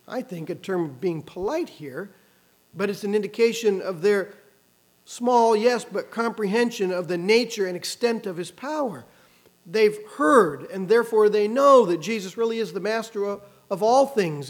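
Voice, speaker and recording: A man preaching a sermon, expressive, raising his voice when quoting the cries of the people in the story. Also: high voice. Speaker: pastor.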